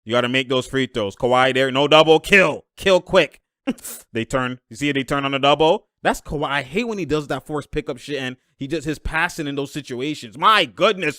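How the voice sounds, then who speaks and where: Young guy hyped watching hoops, laughing and hollering, bright crisp voice, dead dry sound. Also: a little high, moderate pace, dry recording. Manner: excitable, slangy, laughs often, yells at plays. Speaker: basketball commentator reacting to a game. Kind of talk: live game reaction commentary.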